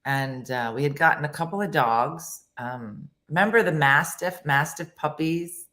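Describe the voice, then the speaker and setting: A middle-aged woman hosting a casual morning show with a hoarse voice and a lingering cough, who chats in a rambling, self-mocking way and laughs often. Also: sits low, measured pace, a bit bright. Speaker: host. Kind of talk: casual morning show chat, reading viewer comments.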